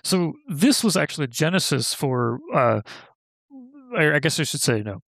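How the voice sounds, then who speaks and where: A man, a guest software engineer, explaining a technical topic in a conversational way, often saying "like" and correcting himself mid-sentence. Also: on the high side, lively intonation, normal speed, vocal fry, dry recording. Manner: thinks aloud, lots of "like" and self-corrections.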